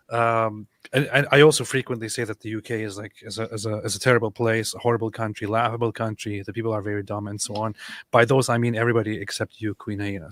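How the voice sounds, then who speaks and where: A man co-hosting a livestream, reading out viewer messages in a halting casual way, often chuckling. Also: fairly low pitch, fairly bright tone, dry recording, studio quality. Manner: halting, many fillers and restarts, chuckling. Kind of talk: casual chat.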